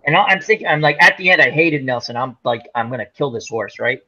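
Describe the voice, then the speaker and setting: A man's voice: mid-range voice, lively intonation, fast, bright, forceful tone, dull audio. A man telling a long, funny story in a casual chat, acting out quotes and swearing freely. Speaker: podcast co-host telling a story.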